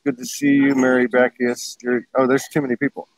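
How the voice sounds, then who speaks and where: A man's voice: mid-range voice, level tone, fairly quick, dry recording, rough recording. Man, show host, casual livestream chat, rambling, laughs a lot, dry close sound.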